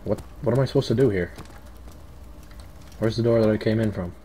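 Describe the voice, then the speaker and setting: A man's voice: lowish voice, a little fast, mellow, slight background noise. A man giving casual, rambling commentary while playing a horror game, easily startled and yelping at scares, on a headset mic. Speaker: let's play commentator.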